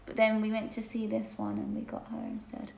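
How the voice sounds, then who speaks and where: A woman's voice: medium pitch, monotone, fairly quick, vocal fry, reverberant, a little hiss or hum, low-quality recording. A woman hosting a casual livestreamed chat, reading out viewer questions, gushing and chatty and laughing often.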